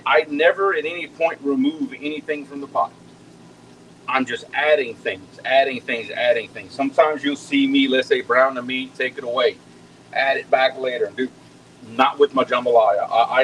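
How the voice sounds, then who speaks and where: A man's voice: mid-range voice, fairly bright tone, a little hiss or hum, low-quality recording. Folksy man chatting while cooking. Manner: chatty, folksy, repeats words as he talks. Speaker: home cook hosting a live cooking stream. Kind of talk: casual cooking chat with viewers.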